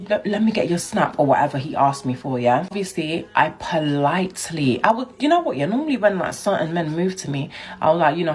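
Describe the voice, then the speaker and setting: A young woman telling a personal story in a chatty, indignant way, laughing as she goes. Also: low-pitched. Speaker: vlogger. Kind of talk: casual storytime.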